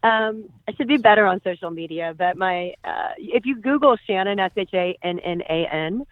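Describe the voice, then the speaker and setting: A woman guest on a podcast, chatting casually, often laughing and pausing with fillers. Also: mid-range voice, dry recording. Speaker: guest actress. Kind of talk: casual interview chat. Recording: tinny phone-line sound.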